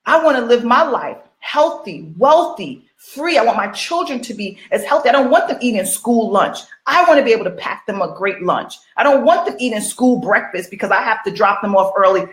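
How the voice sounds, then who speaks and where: A woman's voice: fairly high pitch, animated, a little fast, hardly any pauses, reverberant. A middle-aged woman coaching online business, talking casually and repeating rhetorical questions to her viewers. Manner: repetitive, rhetorical questions, chatty. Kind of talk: casual motivational livestream talk.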